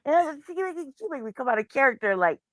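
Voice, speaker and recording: A woman with a fairly high voice hosts a loose, casual chat show. She tells stories with a lot of slang and cursing. The sound is dry and close. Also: very fast, no room sound. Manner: profane, animated storytelling with slang. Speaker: host.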